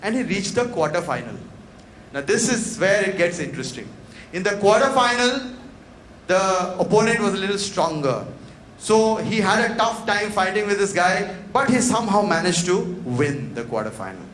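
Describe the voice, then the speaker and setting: A man's voice: high voice, big pitch swings, moderate pace, a bit bright. A man giving a motivational talk, telling a story dramatically and acting out its dialogue in a large event hall. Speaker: motivational speaker. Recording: echoey hall with faint noise.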